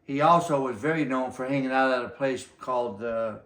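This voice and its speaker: A man's voice: mid-range voice, a little fast, fairly bright tone. An older man, a martial arts master, casually telling long anecdotes in an interview and acting out other people's lines as he goes. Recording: roomy echo.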